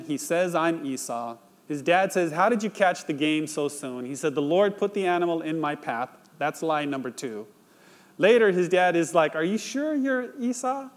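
Preacher man with a higher voice. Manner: retells scripture in plain storytelling, then preaches. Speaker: pastor. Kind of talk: sermon.

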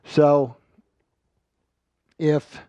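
A man's voice: on the high side, flat delivery, extremely slow, warm tone, dry recording, highs cut off. A man giving an earnest sermon, reading scripture aloud and often repeating words as he finds his thought. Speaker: Bible teacher.

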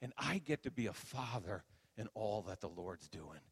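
An older man, a minister, giving a conversational sermon testimony and telling stories that grow animated at the high points. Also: normal speed, breathy edge, big-room sound.

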